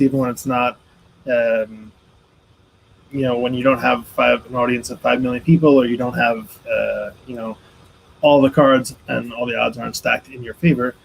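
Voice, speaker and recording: A man co-hosting a casual live chat, rambling with many pauses and restarts. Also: mid-range voice, husky, poor audio. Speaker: co-host, behind-the-scenes guy.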